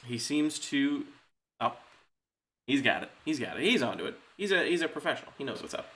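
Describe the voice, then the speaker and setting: A man running a tabletop game as game master, with a very bright, forward voice. He talks in a loose, chatty way, full of fillers, and laughs easily. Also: medium pitch, big pitch swings, brisk.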